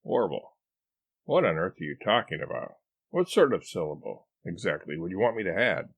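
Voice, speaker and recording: A man's voice: sits low, sing-song, moderate pace, heavily acted. A man voicing an exasperated adult wife who fires off incredulous, teasing questions at her husband in a storybook reading. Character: exasperated sharp-tongued wife, adult woman.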